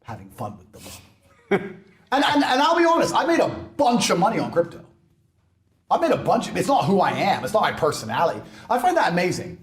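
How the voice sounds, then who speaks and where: A man in a heated interview, ranting in a brash, mocking way, swinging between loud outbursts and low mutters. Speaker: interview guest. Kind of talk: heated rant.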